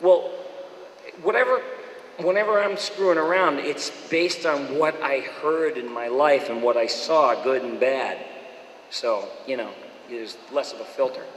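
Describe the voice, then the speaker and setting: A man from Boston chats with a crowd of fans about his voice work, animated and quick to slip into impressions. His tone is bright and forward. The sound rings with the long reverb of a large hall. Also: medium pitch, a little hiss or hum. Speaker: voice actor at a fan Q&A. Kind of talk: casual anecdotal chat.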